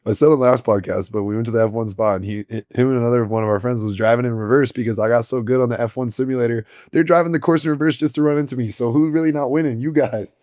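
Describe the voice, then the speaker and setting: A man co-hosting a podcast, telling stories in a casual, animated, joking way. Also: medium pitch, racing, few pauses, no echo, studio quality. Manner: animated storyteller, joking and laughing. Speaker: podcast co-host. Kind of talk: casual chat.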